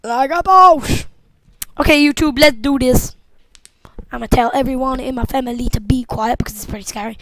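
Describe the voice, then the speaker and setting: A young woman giving casual, jokey let's-play commentary from home, excitable and talking back to the game as she plays. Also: a little high, normal speed, slight background noise, rough recording. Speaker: gameplay commentator.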